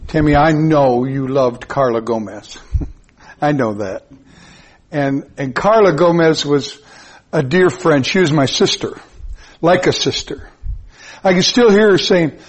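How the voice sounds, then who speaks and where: A man preaching a sermon, emphatic and repetitive, with sudden high-pitched rises. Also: unhurried. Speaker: pastor.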